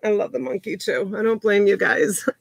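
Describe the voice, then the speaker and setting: A woman's voice: medium pitch, moderate pace, creaky, no room sound. A woman in her fifties hosting a live online auction from home, chatting with viewers by name as she calls out bids. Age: 50s. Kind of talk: casual live-stream auctioneering.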